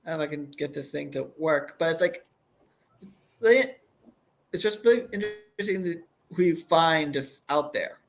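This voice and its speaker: A man in his thirties with a voice on the high side speaks at a moderate pace. As a guest and campaign creator, he chats casually about his project, rambling and restarting his sentences.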